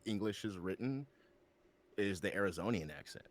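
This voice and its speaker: A man's voice: on the low side, animated. An American man co-hosting a casual podcast chat, joking and swearing freely. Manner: profane, joking, talks fast and loose. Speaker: podcast co-host.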